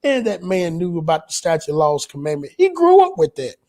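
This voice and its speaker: A man's voice: high voice, wildly swooping pitch, brisk, a little mellow. A man in a religious discussion, speaking in a preacherly way with rhetorical questions.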